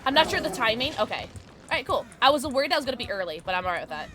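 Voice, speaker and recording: A woman's voice: fairly high pitch, racing. Chatty woman streaming a game. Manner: chatty, reacts loudly, reads chat aloud. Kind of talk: casual gameplay livestream chat. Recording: steady background noise.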